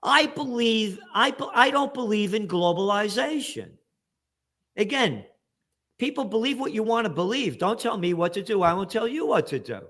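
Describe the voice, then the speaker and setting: A man giving ranting political commentary as an interview guest, sarcastic, with bursts of shouting. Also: sits high, big pitch swings, normal speed.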